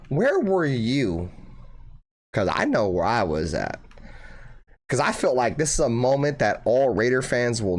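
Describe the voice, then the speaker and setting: A man hosting a fan live stream, chatting casually with his viewers and swearing freely. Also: on the low side. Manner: excitable, swears, bursts into loud mock wailing. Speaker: fan channel host.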